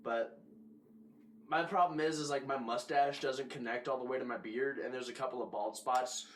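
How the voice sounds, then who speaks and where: A man's voice: mid-range voice, steady tone, normal speed, a bit bright. A young man as a guest in a casual chat, talking candidly and swearing freely. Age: young adult. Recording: faint background noise.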